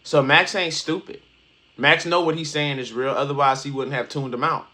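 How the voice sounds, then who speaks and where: A man's voice: mid-range voice, fairly even intonation, moderate pace, pushed and bright. Man giving blunt reaction commentary. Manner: emphatic, street slang, frequent restarts. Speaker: reaction video host.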